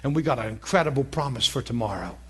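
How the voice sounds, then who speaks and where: A pastor teaching a ministry school preaches a sermon in a church hall before an audience, his voice medium-pitched, expressive, fast, fairly bright and husky. He tells a story earnestly and conversationally, building to fervent peaks.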